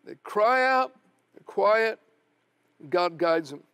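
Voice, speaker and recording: A middle-aged male pastor preaching a sermon earnestly, with slow, emphatic repetition. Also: high-pitched, lively intonation, pushed and bright, clear, resonant tone, no echo. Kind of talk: televised sermon.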